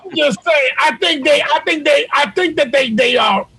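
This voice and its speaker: A man's voice: very high-pitched, moderate pace, bright, forceful tone, dry recording, poor audio. A man hosting a casual video-call chat, telling profane, boisterous stories. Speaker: host.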